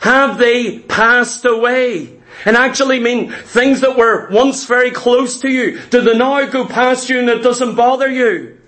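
A man delivers a sermon in a notably high-pitched voice, leaning on storytelling and acting out the voices of the people he quotes. His speech is full of stammered restarts and repeated words as he presses his points. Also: a little slow, fairly bright tone. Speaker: preacher.

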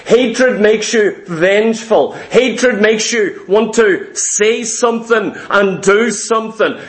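A man preaching a morning sermon to his congregation, hammering points through repetition and rhetorical questions. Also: sits high. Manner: emphatic, repeats lines and fires rhetorical questions at the congregation. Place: church service in the morning.

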